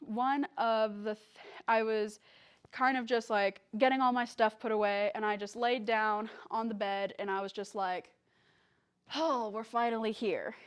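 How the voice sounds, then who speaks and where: A young woman, appearing as a guest speaker, tells a church congregation a personal story in a casual, chatty way full of fillers, acting out the quoted lines. Her medium-pitched voice has a clean tone, and the recording sounds lo-fi.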